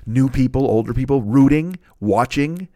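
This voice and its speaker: A man's voice: mid-range voice, lively intonation, normal speed, warm tone, no echo. A man in his forties hosting a podcast, rattling off plugs in a loose, rambling way with plenty of swearing and jokes at his own expense. His voice is dry and close to the mic, with no room sound. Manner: rambling, profane, self-mocking. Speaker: podcast host. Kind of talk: casual plugs and shout-outs.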